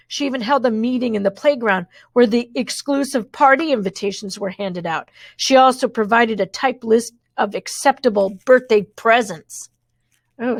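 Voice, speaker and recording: Brief: bright-voiced woman narrating a kids' storybook, expressive, with wry asides, dry close sound. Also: fairly high pitch, no room sound. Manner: reads expressively, adds wry spoken asides. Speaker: storybook reader. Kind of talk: children's book read-aloud.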